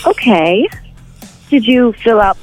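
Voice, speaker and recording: A woman's voice: a little high, lively intonation, slow, loud music behind the voice. A woman receptionist on a phone call, polite and businesslike.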